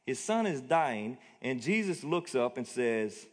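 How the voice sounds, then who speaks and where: A man's voice: medium pitch, very animated, a little slow, hardly any pauses. A man preaching a conversational, plainspoken sermon as pastor of his church. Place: church auditorium. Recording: long hall reverb.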